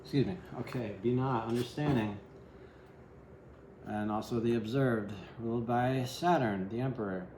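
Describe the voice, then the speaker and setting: At a moderate pace, a man with a mid-range voice gives a casual tarot reading amid background noise in an echoey room. He rambles, frequently checks in with "right?", and adds wry humor at his own expense.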